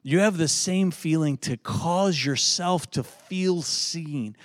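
A man from gives a relaxed, conversational sermon in a voice sitting a little high for a man. He often restarts his words and checks in with his listeners. The sound is dry and close. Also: no echo. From Virginia, US South. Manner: repeats words, frequent "right?" asides, folksy humor. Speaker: pastor.

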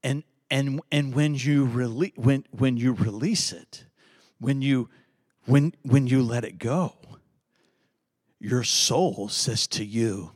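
A man's voice: medium pitch, lively intonation, slow pace, long pauses, breathy edge, no room sound, studio quality. A man from preaching a conversational sermon, repeating words and tossing in frequent asides with folksy humor. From Virginia, US South. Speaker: pastor.

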